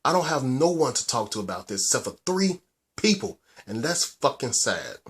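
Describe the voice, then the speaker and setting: A man from the United States talks straight to his vlog audience, his voice husky and mid-pitched. He rants in an agitated way, stumbling over restarts and swearing for emphasis. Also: big pitch swings, moderate pace. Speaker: vlogger. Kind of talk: angry personal vlog rant.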